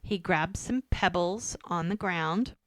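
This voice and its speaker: Speaking slowly in a fairly low voice, a woman co-hosts a podcast, casually recapping episodes and voicing the characters' lines along the way. There's no echo.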